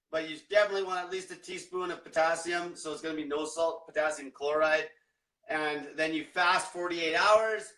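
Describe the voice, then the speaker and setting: A man's voice: on the high side, fairly bright tone, recorded from a distance. A man coaching viewers in a blunt, combative rant full of swearing. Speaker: diet coach. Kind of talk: profane motivational rant. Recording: echoey room, off-mic.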